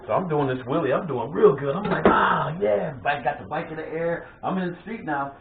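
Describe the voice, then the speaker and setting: A man hosting a vlog, casually telling family stories in an animated way, often laughing and restarting his sentences. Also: on the high side, a little fast, heavy background noise. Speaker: vlog host. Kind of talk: casual storytelling of family memories. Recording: tinny phone-like sound in an echoey room.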